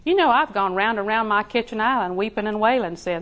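A woman's voice: medium pitch, fairly quick. Folksy woman preaching. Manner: folksy, laughing, repeats phrases softly. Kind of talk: sermon.

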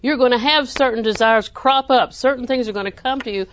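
A woman preacher, delivering a sermon with animated emphasis that rises to near-shouting. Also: a little high, brisk, no echo.

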